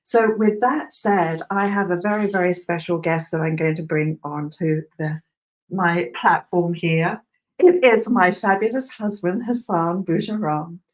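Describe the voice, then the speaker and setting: Lively woman teaching hairdressing. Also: mid-range voice. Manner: lively, laughs often, emphatic. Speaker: hairdressing educator. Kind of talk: live online class.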